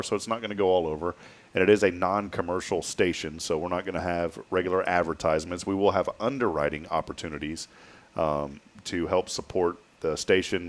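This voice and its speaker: An easygoing man hosts a morning talk show in a relaxed, folksy way. His voice sits a little low, and he chats with guests and callers with a laugh never far off. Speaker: show host. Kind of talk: casual morning show chat.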